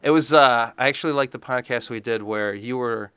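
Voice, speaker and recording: A man's voice: mid-range voice, brisk, a bit bright, clean tone, dry recording. A young man co-hosting a podcast in casual chat, telling stories eagerly and laughing often. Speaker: podcast co-host.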